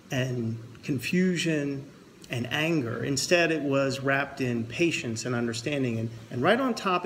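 A man's voice: medium pitch, a little hiss or hum. A man speaking at his mother's memorial service as her son, mixing heartfelt reflection with jokes. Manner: earnest storyteller, tells jokes. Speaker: son giving a eulogy. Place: memorial service with a pastor present.

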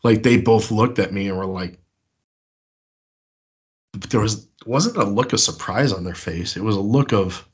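A man's voice: fairly low pitch, unhurried, long pauses, husky. A man from the US East Coast, calling in to tell his encounter stories in a casual, rambling way, full of fillers and restarts. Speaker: caller sharing encounters. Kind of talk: casual storytelling on a call-in show.

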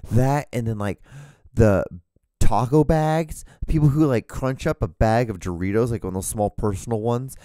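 A man rants alone on his podcast in a mellow, warm voice, with blunt, profane asides and a rambling flow. His voice is starting to wear thin. The sound is close and dry. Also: mid-range voice, lively intonation, moderate pace, no echo. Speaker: podcast host. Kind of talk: solo podcast rant.

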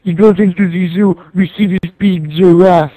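A man's voice: high voice, steady tone, moderate pace, dull audio, a crowd in the background, lightly acted. A man putting on a mocking fake French gamer with a mock French accent, jeering at players in broken English over game chat. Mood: taunting. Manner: taunting, whiny jeers in broken English. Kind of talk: prank gaming voice chat.

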